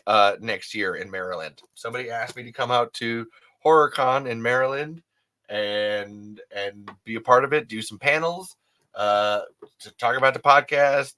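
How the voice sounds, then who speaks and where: A man's voice: medium pitch, normal speed, bright, forceful tone. A man hosting a podcast, rambling and affectionate as he chats with listeners. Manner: rambling, affectionate, swears, restarts. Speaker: podcast host. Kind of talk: casual chat reading comments.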